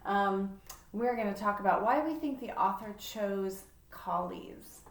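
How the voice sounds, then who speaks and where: A woman teaching children a poetry lesson at a slow, unhurried pace, patient and encouraging, with plenty of "um"s. She sounds a little distant from the mic. The room around her is echoey. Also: mid-range voice. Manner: slow and encouraging, with frequent fillers. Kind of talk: patient lesson for children, reading a poem aloud.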